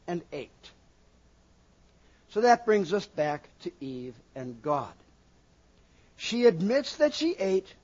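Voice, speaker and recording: Preacher guy, high voice all over the place, dull lo-fi sound. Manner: animated, acts out quoted voices, asks the congregation questions. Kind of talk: sermon. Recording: dull lo-fi recording.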